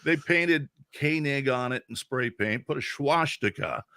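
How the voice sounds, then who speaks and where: A man in his sixties from Central California tells radio stories with lively, chuckling energy. His voice is bright and forward, at a middling pitch. It is recorded close and dry, with no room sound. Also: unhurried, dry recording. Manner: animated, chuckling anecdotes. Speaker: veteran radio DJ, podcast guest. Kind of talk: casual storytelling.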